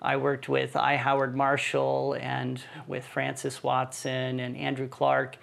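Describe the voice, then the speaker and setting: A man who is a missionary and church planting team leader, telling his story in a relaxed, easygoing way on a podcast. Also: mid-range voice, takes it slowly, vocal fry. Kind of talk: casual podcast conversation.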